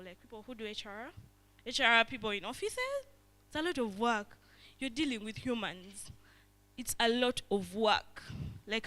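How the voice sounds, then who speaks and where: A woman's voice: on the high side, sharp tone. A young woman leading an interactive workshop, often checking in with her listeners and acting out little scenes. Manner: constantly checks in with the audience, acts out little scenes. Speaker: workshop facilitator.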